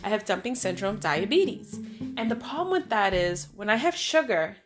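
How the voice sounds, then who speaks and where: A middle-aged woman hosting a vlog, telling personal stories in a casual, animated way and acting out other people's lines. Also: medium pitch, moderate pace. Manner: animated, acts out friends' voices and lines. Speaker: vlog host. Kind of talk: casual storytelling monologue. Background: music.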